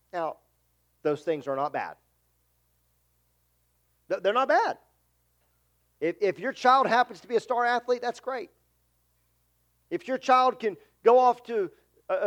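A middle-aged man preaching a sermon as a pastor, earnest and conversational, often repeating himself. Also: very high voice.

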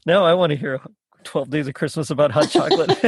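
A man's voice: a little high, wildly swooping pitch, brisk, breathy edge, no room sound, studio quality. A man hosting a casual podcast interview, chatty and laughing often, with many restarts. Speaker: podcast host.

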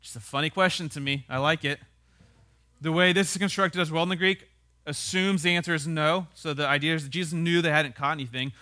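A male pastor delivers a relaxed, conversational sermon at a fairly quick pace in a slightly high, bright, forward voice. He teaches with dry, wry humor, constantly tossing "right?" to the congregation, and keeps the tone easygoing and close, like friends talking.

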